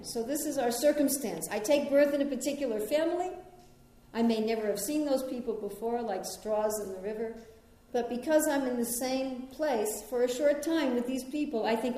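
A middle-aged American woman, originally from New York, gives a spiritual talk and folds personal stories into a gently reflective teaching. Her voice is mellow and soft-edged. It rings out in a very echoey room. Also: on the high side, brisk. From New York, United States.

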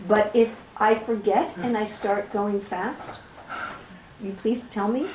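A middle-aged woman from New York City, reading and explaining scripture to a class in slow, deliberate, very distinct speech. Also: mid-range voice, fairly even intonation, darkish tone, slight background noise. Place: room with a small class. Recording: roomy echo.

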